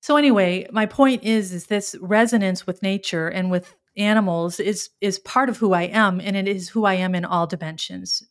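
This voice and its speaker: A woman's voice: medium pitch, normal speed, few pauses. A middle-aged woman hosting a podcast, talking in an earnest, emotional way in a reflective spiritual monologue, often restarting her words. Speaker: podcast host.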